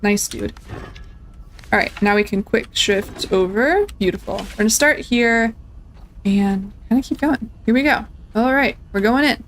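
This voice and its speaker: A woman's voice: on the high side, unhurried. A young woman casually commentating her own gameplay, chatty and playful, talking to enemies and viewers. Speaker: gameplay streamer. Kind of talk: casual let's-play commentary.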